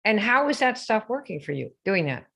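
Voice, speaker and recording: Mid-range, husky and gravelly with a slight brightness, her voice is very animated yet moves at a moderate pace. She's hosting a live online sales coaching session, constantly quizzing listeners rhetorically and mocking common sales posts in a sing-song voice.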